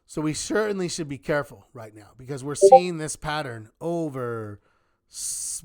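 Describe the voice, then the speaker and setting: A man teaching a live online trading class in a lively manner, often asking rhetorical questions. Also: on the high side, normal speed. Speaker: trading instructor.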